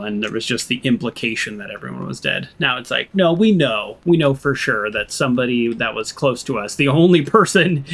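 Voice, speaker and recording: A gaming channel host with a medium-pitched, fairly bright voice plays through a video game, providing let's-play commentary. He muses aloud in a sarcastic, grumbling way. The audio is poor.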